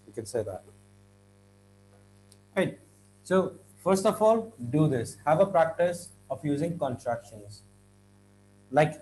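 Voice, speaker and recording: A higher-voiced man from India explains speaking-test tips, drawing out key words slowly and asking "right?" after each point. He clears his throat often. A faint hum sits under the recording. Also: expressive, a little mellow, low-quality recording. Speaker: IELTS teacher. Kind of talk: classroom-style explanation.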